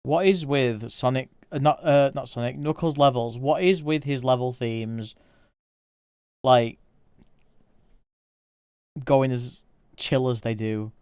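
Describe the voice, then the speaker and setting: Male streamer, relaxed and rambling, smooth clear voice, dry close sound. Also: medium pitch, slow pace, pauses often, dry recording. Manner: easygoing, rambling, chatting with viewers. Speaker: livestreamer. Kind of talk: casual livestream chat while drawing.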